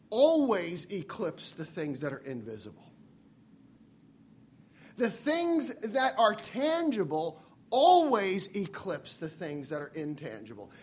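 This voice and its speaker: Slow, husky-voiced preacher. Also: mid-range voice. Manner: earnest, repeats key phrases for emphasis. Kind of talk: sermon.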